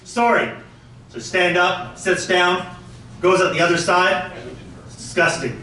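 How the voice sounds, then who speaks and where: A man's voice: high-pitched, flat delivery, unhurried, pushed and bright. A man doing stand-up comedy at a memorial, telling crude jokes and tributes. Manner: joking, crude punchlines. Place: comedy club stage. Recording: echoey hall from far off, faint noise.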